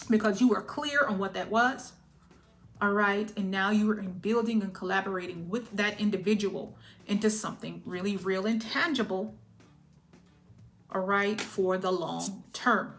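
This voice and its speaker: A woman's voice: medium pitch, normal speed, a bit bright, faint music behind. A woman giving a collective tarot reading in a chatty, emotional way, often laughing and checking in with "all right?". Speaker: tarot reader.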